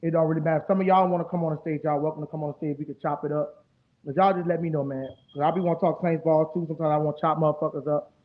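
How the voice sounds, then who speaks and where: A high-voiced man with a New Orleans accent hosts a casual live stream. He rambles in a profane and heated way. His voice comes through thin and tinny, like a phone line. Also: steady tone, racing. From New Orleans, Louisiana. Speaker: streamer host.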